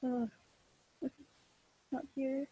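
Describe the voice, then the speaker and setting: Slow-talking young woman teaching online. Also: sits high, little pitch movement, warm tone, breathy edge, lo-fi sound. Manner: slow, patient explaining with frequent fillers and restarts. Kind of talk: online class lesson over video call. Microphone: computer mic on a video call.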